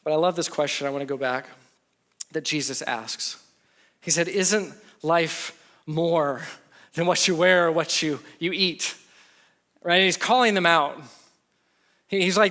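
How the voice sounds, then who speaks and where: A man preaching a sermon in a bright, forceful voice pitched a little high. He talks conversationally, jokes with his listeners, and acts out quotes as he teaches. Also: a little slow, long pauses. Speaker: pastor.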